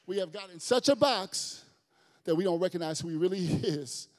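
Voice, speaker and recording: A male pastor preaching a sermon with big swings, from shouted lines down to quiet, near-whispered ones. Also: sits high, moderate pace, long reverb tail.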